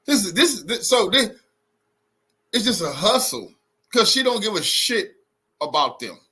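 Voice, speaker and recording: Male commentator, husky and bright-toned, profane outraged reaction rant. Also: high voice, sing-song, normal speed. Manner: blunt, profane, repetitive, outraged.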